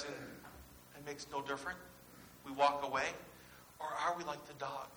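Man, pastor, sermon, bright edgy voice, echoey church room. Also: on the high side, fairly even intonation, fairly quick. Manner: earnest, urging questions to the congregation.

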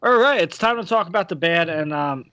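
With a sharp tone and lively intonation, this American podcast host talks wrestling at a fairly quick clip, his voice on the high side. He rambles loosely, packed with fillers and restarts. The sound is lo-fi, carrying a little hiss or hum.

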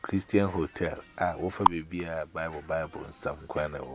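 A man's voice: rumbling low, steady tone, normal speed. A man chatting casually on a call, rambling in broken pidgin English and often laughing. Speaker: caller. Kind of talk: casual chat. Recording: loud noisy call recording.

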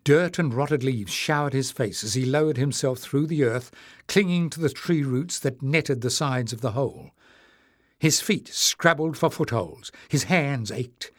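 A man narrates an audiobook in a measured, expressive manner. His pitch sits in a medium range. The recording is dry and close, with no room echo. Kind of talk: scripted narration.

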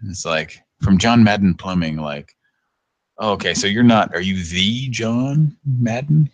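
A man's voice: fairly low pitch, a little slow, fairly bright tone, dry recording. A man hosting a radio show, chatting casually, laughing and swearing as he rambles. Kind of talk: casual chat.

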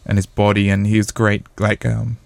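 Gravelly low-voiced man, casual chat. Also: little pitch movement, no room sound. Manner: casual, halting with fillers.

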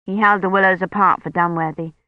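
Audiobook narrator, measured, even, mid-pitched, dry room, dull lo-fi. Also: dry recording. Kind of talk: scripted narration.

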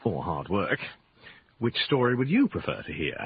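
A man's voice: fairly low pitch, big pitch swings, normal speed. An actor playing a hesitant male reporter in a radio drama, stammering and full of fillers. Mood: chatty. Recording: tinny phone-like radio sound with faint hiss.

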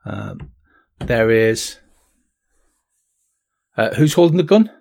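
A man's voice: medium pitch, very animated, takes it slowly, vocal fry, darkish tone. A man narrating a tabletop game as game master, with many ums and restarts. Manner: hesitant, lots of ums and restarts.

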